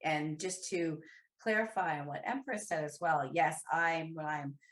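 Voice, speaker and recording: A woman guest on a podcast, chatting in a lively, rambling way with restarts and side remarks. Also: deep voice, a little slow. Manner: animated, rambling, with restarts and asides. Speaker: podcast guest, professional dominatrix. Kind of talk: casual chat. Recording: roomy echo.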